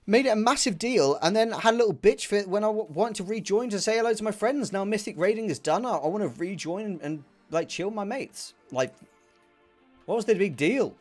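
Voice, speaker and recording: A man's voice: high-pitched, animated, brisk, faint music behind. A young man, a gaming streamer, angrily ranting and swearing as he chats while he plays, often repeating himself. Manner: angry, profane, repeats himself.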